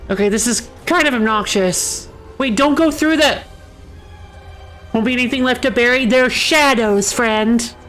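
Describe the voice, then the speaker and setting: A woman's voice: a little high, a little slow, fairly bright tone, soft background music. A woman streaming a video game, chatting casually and muttering annoyed asides to herself. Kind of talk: casual gameplay commentary.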